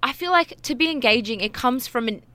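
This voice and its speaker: A woman's voice: a little high, animated, fairly quick, pushed and bright. A young woman co-hosting a casual dating podcast, giving thoughtful advice and acting out awkward moments. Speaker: podcast co-host, dating coach.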